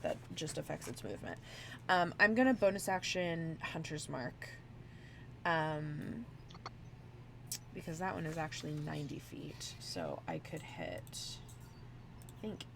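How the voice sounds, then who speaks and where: A woman's voice: sits low, expressive, a little slow, vocal fry, noisy background. A woman playing a tabletop game who hesitates and thinks aloud about her moves. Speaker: player.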